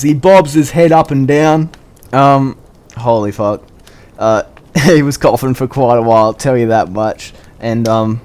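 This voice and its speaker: A young man with an Australian accent, telling a story in a rambling, crude and excitable way. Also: medium pitch. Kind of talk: casual storytelling.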